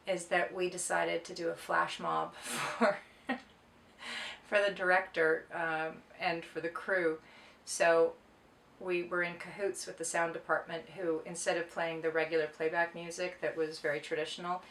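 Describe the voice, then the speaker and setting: Woman, from Canada, lower voice, playful asides, roomy echo. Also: creaky, fairly bright tone. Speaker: actress answering fan questions. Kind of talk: casual self-recorded Q&A, reading questions aloud. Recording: echoey room, far from mic.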